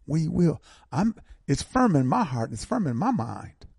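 A man's voice: mid-range voice, big pitch swings, normal speed, vocal fry, darkish tone, slightly rough, no echo. An older man hosting a call-in radio talk show, speaking in a preacherly way with emphatic repetition.

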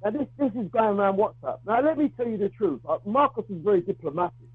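Husky high-voiced man calling in by phone. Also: expressive, no room sound. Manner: halting, repeats and restarts words; outspoken, argues his view. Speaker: radio call-in caller. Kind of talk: phone-in talk radio call. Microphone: telephone. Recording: tinny phone line.

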